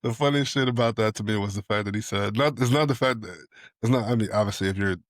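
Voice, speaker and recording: A man's voice: on the low side, quick pace, no echo, clean studio sound. A man co-hosting a casual podcast, joking loosely, laughing often and quoting what others said. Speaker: podcast co-host. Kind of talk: casual chat.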